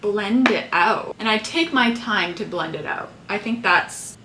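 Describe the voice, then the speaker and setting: A woman's voice: mid-range voice, lively intonation, unhurried, sharp tone. A woman vlogger chatting casually through a makeup tutorial with rambling asides. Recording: roomy echo, faint hiss.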